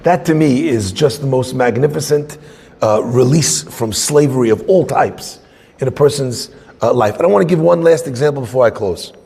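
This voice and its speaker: A man teaching a Torah class as a rabbi, conversational and animated, acting out little scenes. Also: mid-range voice, normal speed, vocal fry, slightly rough, long reverb tail.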